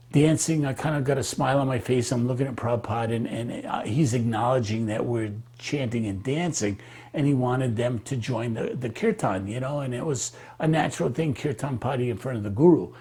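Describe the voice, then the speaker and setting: A man telling a personal memory in an animated, halting way, with many fillers and restarts. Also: mid-range voice, slightly rough. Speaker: devotee recalling memories. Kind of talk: animated storytelling.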